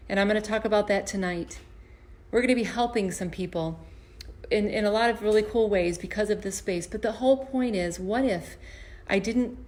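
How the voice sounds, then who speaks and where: Her voice medium in pitch with a darkish tone, a woman who works as an empowerment coach and comedian addresses the camera from her basement at home. She tells stories in a sincere motivational talk, often starting over and repeating herself.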